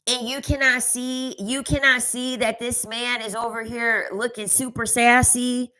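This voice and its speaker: This is a woman delivering a casual commentary rant. She talks in a sassy, emphatic way and often repeats a line for punch. Her voice is bright and forceful. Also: on the high side, level tone, measured pace, poor audio. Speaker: commentary vlogger.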